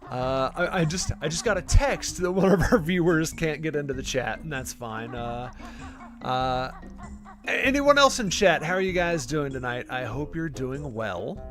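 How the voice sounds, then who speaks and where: A man hosting a live gameplay stream, chatting casually in a rambling, self-deprecating way with plenty of fillers. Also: on the high side. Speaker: gaming channel host.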